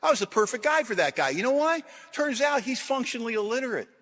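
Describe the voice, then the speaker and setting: A middle-aged man giving a recovery talk to a large audience, telling self-deprecating stories with punchy one-liners and shifting from loud jokes to quiet earnestness. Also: very high-pitched, big pitch swings, fast talker. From Washington, USA. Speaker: AA convention speaker.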